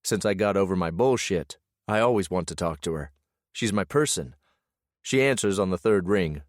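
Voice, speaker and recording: Male romance narrator, deep voice, dry close studio sound. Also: moderate pace, no room sound. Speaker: audiobook narrator. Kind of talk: first-person romance audiobook narration.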